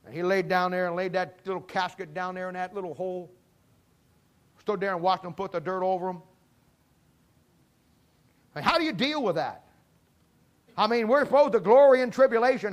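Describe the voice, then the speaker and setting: An older man preaching a sermon, telling folksy stories and rising into impassioned, drawn-out shouts. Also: high voice.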